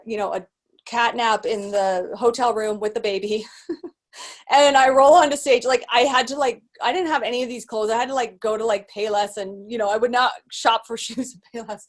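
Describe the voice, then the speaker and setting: A woman business coach telling her story in an animated motivational talk, full of restarts and fillers. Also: a little high. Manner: animated, acts out quoted voices; rambling with many restarts and fillers.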